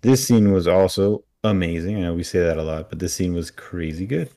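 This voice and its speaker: A man's voice: low voice, brisk, mellow. A man co-hosting a podcast, casually recapping an episode and acting out characters' lines as he retells scenes. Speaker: podcast co-host.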